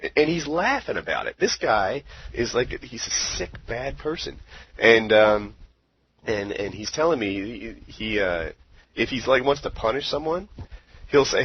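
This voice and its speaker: A man hosting a podcast, telling a story in a casual, animated way with many fillers. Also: medium pitch, measured pace, slightly rough, dry recording. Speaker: podcast host. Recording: dull lo-fi podcast audio.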